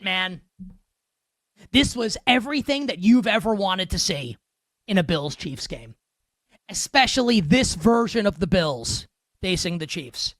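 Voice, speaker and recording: A man hosting a sports betting show, ranting sarcastically through an animated monologue of game commentary. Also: high voice, no echo, clean studio sound.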